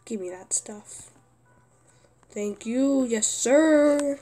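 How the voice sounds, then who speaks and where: A young woman commenting on her own gameplay, often exasperated and yelling at a teammate. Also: a little high, drawn-out words. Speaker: gaming youtuber.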